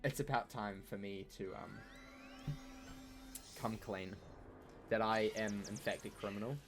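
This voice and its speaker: Speaking slowly in a low, fairly flat voice, a man plays a game on stream and rambles to his audience. The chat is loose and playful, full of jokes and filler words.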